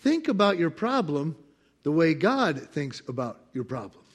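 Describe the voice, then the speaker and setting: A man preaching a sermon as pastor, animated and playful, acting out voices with bursts of laughter. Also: fairly high pitch, moderate pace, breathy edge. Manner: animated, acts out God's voice with laughter.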